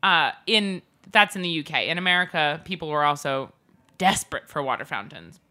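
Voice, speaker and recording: A woman hosting a casual chat show, easygoing and jokey, with flashes of mock outrage. Her voice sits a little low but sounds bright and forward. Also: animated, a little fast. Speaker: podcast co-host.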